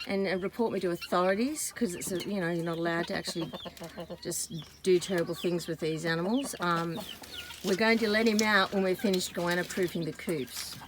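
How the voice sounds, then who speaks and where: A woman's voice: lowish voice, steady tone, brisk, noisy background. A woman chatting casually to camera outside a backyard chicken coop. She rambles and sometimes coos sweetly at the animal. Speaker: vlogger, backyard chicken keeper. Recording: loud clucking chickens and clicks outdoors.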